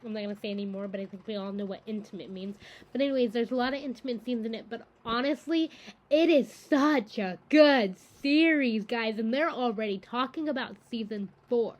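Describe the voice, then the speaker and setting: A woman's voice: a little high, fast, a little mellow, lo-fi sound. A woman hosting a book-reading channel, chatting casually to camera in a rambling, enthusiastic way with lots of fillers.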